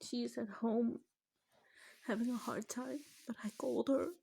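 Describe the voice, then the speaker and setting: A woman's voice: a little high, fairly even intonation, moderate pace, creaky, mellow, husky. A middle-aged mother recording a vlog, tearful and close to crying, her voice shaky and breaking, at times dropping to a whisper. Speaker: vlogger, mother. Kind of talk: emotional personal vlog.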